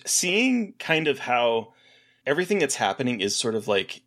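A man's voice: medium pitch, sing-song, moderate pace, fairly bright tone. Rambling enthusiastic man co-host. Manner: rambling, restarts often, enthusiastic. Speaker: podcast co-host. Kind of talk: casual chat about a horror film.

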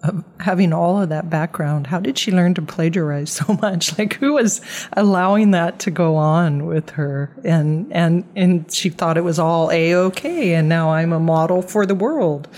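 A woman's voice: lowish voice, measured pace, a little mellow. A woman cohosting a political commentary chat, mostly answering with brief agreement and a laugh.

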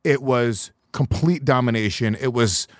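A man's voice: medium pitch, a little slow, dry recording, clean studio sound. A man hosting a podcast in casual banter, rambling and swearing as he restarts his thoughts. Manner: profane, rambling, restarts often. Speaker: podcast host.

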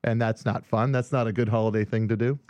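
A man's voice: lowish voice, level tone, quick pace, a little mellow, dull audio. A man from Hawaii hosting a podcast in casual chat, teasing and laughing often. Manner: giggly, teasing. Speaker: podcast host.

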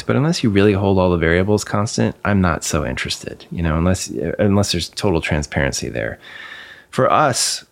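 Deep-voiced guy chatting as a guest, blunt, swears a bit, repeats himself mid-thought. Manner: candid, emphatic, occasionally swears; repeats words as he searches for phrasing. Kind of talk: casual conversation.

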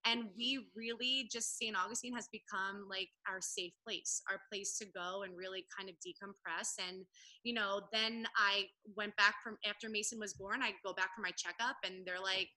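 A woman in her thirties tells a long personal story on a casual podcast. She slips into the voices of the people she quotes. Her voice is very bright and sits at a middle pitch. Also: moderate pace, poor audio. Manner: lively storyteller who acts out quoted voices. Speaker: podcast guest.

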